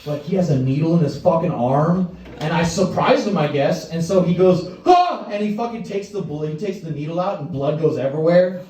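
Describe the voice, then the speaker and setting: A man's voice: on the high side, brisk, mellow. A young man doing a stand-up set, telling crude, profane stories and acting out the voices of people in them. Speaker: stand-up comedian. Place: comedy stage before a live audience. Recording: distant, roomy live stage sound.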